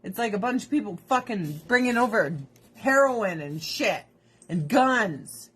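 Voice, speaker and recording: Mid-range and fairly bright with a breathy edge, this woman's voice is expressive and a little slow. She's a direct seller of skincare products, chatting casually as she tries them on, rambling, laughing, swearing freely and voicing strong opinions.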